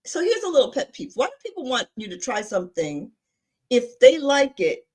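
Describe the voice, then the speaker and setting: A woman's voice: a little high, big pitch swings, moderate pace, a little mellow, breathy edge. A woman co-hosting a podcast in casual chat, chatty and explaining things, laughing easily. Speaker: podcast co-host.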